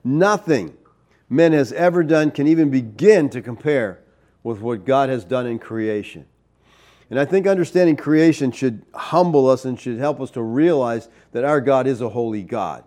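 A man preaching a sermon in an animated way, with rhetorical asides to the congregation. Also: medium pitch, normal speed. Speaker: pastor.

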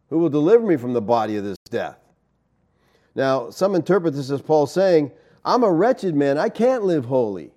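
Warm, mellow-voiced male Bible teacher. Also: mid-range voice. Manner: conversational, with frequent "okay?" and "you know". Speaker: pastor teaching a Bible study. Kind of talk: sermon.

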